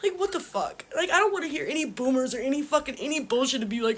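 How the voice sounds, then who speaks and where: A woman's voice: sits high, expressive, fast, few pauses. A woman ranting angrily and swearing, crying as she talks. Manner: furious, swearing, tearful rant. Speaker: vlogger. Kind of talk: angry ranting vlog.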